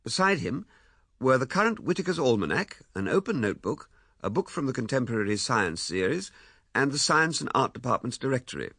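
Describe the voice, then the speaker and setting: A man narrating a classic novel in a measured, expressive storytelling manner. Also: medium pitch, dry recording, clean studio sound. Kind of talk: scripted audiobook narration.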